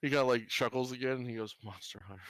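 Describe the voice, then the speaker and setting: A man's voice: mid-range voice, level tone, rapid-fire, fairly bright tone, clear, resonant tone, dry recording. A man acting as game master, casually narrating a character's actions step by step and using loose fillers.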